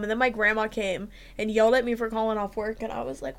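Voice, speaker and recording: A woman's voice: fairly high pitch, quick pace, gravelly, few pauses. A young woman co-hosting a podcast, chatting bluntly and with a lot of profanity, acting out the exchanges she describes. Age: young adult. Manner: blunt, profane and animated, acts out quoted exchanges. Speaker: podcast co-host. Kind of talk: casual chat.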